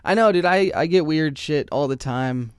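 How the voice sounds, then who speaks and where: A man's voice: a little high, moderate pace, smooth, no echo, clean studio sound. A man co-hosting a casual podcast, enthusiastic and swearing freely. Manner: enthusiastic, profane, says "dude" constantly. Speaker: podcast co-host, audio reviewer. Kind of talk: casual chat.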